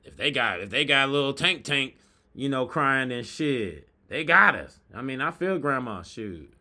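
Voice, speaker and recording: A man hosting a reaction podcast, talking in loud, preachy commentary full of street slang, dropping from shouts to low asides. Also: expressive, moderate pace. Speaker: podcast host reacting to videos.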